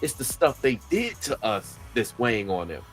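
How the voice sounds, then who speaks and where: A man's voice: mid-range voice, very animated, moderate pace, faint music behind. A man hosting a casual chat, speaking earnestly about scripture and faith. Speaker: host of a faith-based talk channel.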